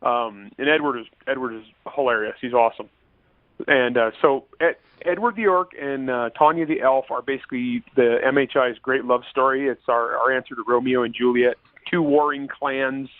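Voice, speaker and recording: A man's voice: medium pitch, normal speed, no echo. A man talking as an author guest in a casual interview, chatty and laughing often, with many fillers and restarts. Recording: tinny phone-line sound, dry.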